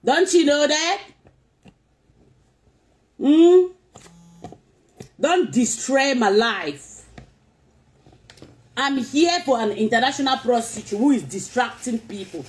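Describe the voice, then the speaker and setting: A woman's voice: sits high, animated, slow, long pauses. A woman ranting at commenters on her stream, firing back repeated taunting questions. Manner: confrontational, repetitive taunting questions. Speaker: social media vlogger reading comments. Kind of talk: ranting live-stream talk.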